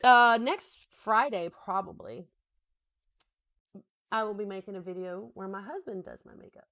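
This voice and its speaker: Speaking at a measured pace in a mid-range voice with a fairly bright tone, a woman in her thirties does her makeup on camera. She rambles casually, pokes fun at herself, and occasionally addresses her husband between steps.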